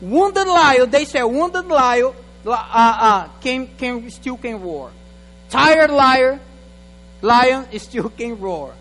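A male pastor preaches a sermon in English that isn't his first language, using a very high, fairly bright voice and speaking slowly and deliberately. He's halting, often stumbling and repeating words with non-native phrasing, and he talks to an assistant. A long hall reverb rings around his voice.

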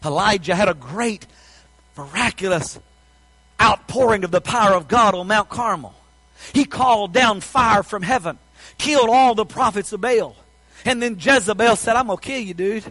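A man preaching a sermon in a folksy storytelling way, swinging between loud passages and hushed ones. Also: sits high, normal speed, dry recording, low-quality recording.

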